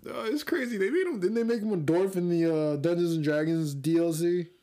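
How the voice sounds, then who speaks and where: A man's voice: high-pitched, a little fast, warm tone. A man appearing as a podcast guest, answering briefly and mildly.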